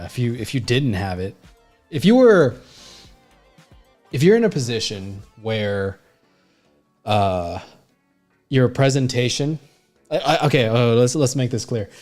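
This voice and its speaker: A man's voice: mid-range voice, darkish tone. A man teaching art on a livestream in casual, blunt talk full of swearing, fillers and restarts. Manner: blunt and profane, heavy fillers like "you know what I mean"; emphatic, rambling with frequent restarts. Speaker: art instructor and designer.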